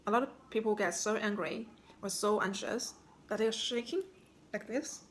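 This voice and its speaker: A woman as a spiritual healing coach, calmly guiding listeners through self-reflection with instructive questions. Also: mid-range voice, moderate pace, a little hiss or hum. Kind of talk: guided self-reflection talk.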